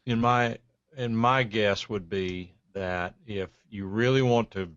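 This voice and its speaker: A man with a low voice answers listener questions on a tech show in a blunt, matter-of-fact way. His sound is dry and dull, like a lo-fi broadcast. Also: steady tone, slow pace, fairly bright tone, clear, resonant tone, dry recording. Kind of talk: casual tech talk.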